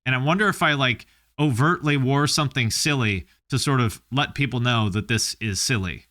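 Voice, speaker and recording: A man hosts a podcast in a middle-pitched voice with a bright, sharp edge. He talks in a laid-back, wry way, and his asides drop low and quiet. The recording is dry and close to the mic. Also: moderate pace, dry recording. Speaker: podcast host. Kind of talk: casual podcast chat.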